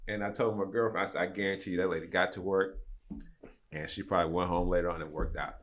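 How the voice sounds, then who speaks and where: Lowish-voiced guy telling a story on a podcast, chatty. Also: steady tone, quick pace, a little hiss or hum. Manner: storytelling, acts out quoted people. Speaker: guest. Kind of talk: casual chat.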